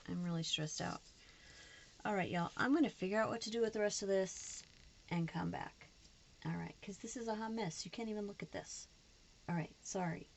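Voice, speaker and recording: Chatty woman with a gravelly voice. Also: medium pitch, moderate pace, a little hiss or hum. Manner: chatty, frustrated, slips into put-on voices. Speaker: planner vlogger. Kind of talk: casual chat to camera.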